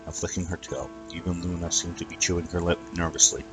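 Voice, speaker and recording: A man reading a fan fiction story aloud as narrator, with an even storytelling manner and some stumbles. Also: low-pitched, fast talker, over music, rough recording.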